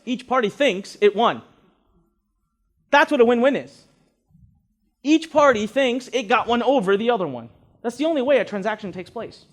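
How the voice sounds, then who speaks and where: A man teaching a live seminar to an audience as a marketing instructor, emphatic and repeating words, often asking "right?". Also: very high voice.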